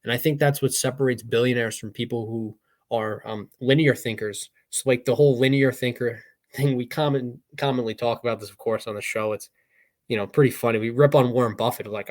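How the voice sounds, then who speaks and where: A man's voice: medium pitch, steady tone, a little fast. Young man, podcast co-host, casual motivational talk, rambling, fillers, mid-range voice. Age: young adult.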